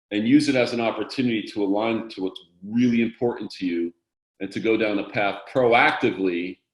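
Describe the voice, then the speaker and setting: A male guest speaking in an upbeat, encouraging and emphatic motivational way. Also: on the low side. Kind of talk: motivational conversation. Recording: roomy echo.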